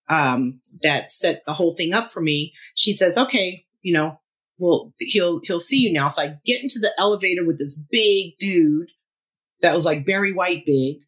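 A woman's voice: fairly low pitch, slightly rough. Musician lady in her 50s telling a story on an interview, lots of laughs, voices the other people. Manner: animated, laughs often, acts out quotes. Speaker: guest musician.

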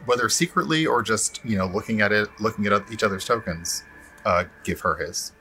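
A man's voice: lowish voice, a little fast, pushed and bright, slight background noise. A man playing a tabletop game, thinking aloud in a rambling way with many fillers. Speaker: player. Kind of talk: tabletop role-play chat.

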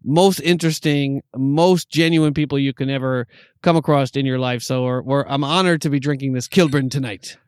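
A man in his forties from New York State co-hosting a casual drinks chat, rambling and halting with many fillers. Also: mid-range voice, fairly even intonation, clean tone, no echo, studio quality. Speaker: podcast co-host. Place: Southern California.

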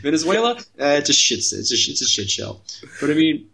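A man's voice: fairly high pitch, sing-song, fairly quick, gravelly, bright, forceful tone, slight background noise. A man co-hosting a casual podcast, rambling through his opinions with restarts and asides. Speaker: podcast co-host.

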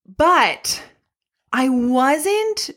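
A young woman talks into her podcast microphone in a loose, unscripted solo episode. She is chatty and candid, with animated asides and casual swearing. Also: high voice, very slow. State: pregnant. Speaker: podcast host and fitness instructor.

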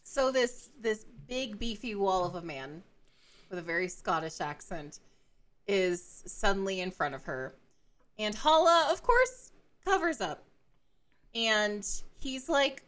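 A woman co-hosting a book podcast, animated and dramatic as she retells scenes and acts out the characters. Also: mid-range voice, slow pace. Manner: animated, slips into exaggerated character voices while retelling. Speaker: podcast co-host. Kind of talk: casual book-club chat.

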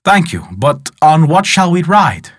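A man's voice: a little high, sing-song, a little slow, husky, no room sound, studio quality, pitched above the performer's own voice, full character voice. A man voicing a meek poor peasant. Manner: humble, meek. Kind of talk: storytelling.

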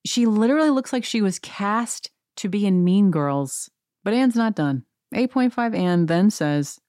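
A woman hosting a reality TV recap, talking in a sarcastic, gossipy and animated way. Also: lowish voice, moderate pace, no room sound, clean studio sound. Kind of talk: rant-filled casual recap.

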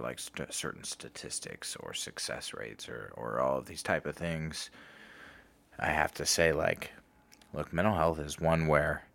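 Super deep voiced guy hosting a podcast, laid back, says like a lot. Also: vocal fry. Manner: relaxed, lots of "like" fillers. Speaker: podcast host, alumni director. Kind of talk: casual podcast conversation.

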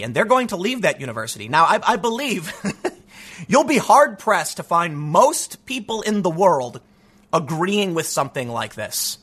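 A man's voice: sits high, a bit bright, slightly rough. A man delivering a sarcastic, ranting opinion monologue as a commentary host.

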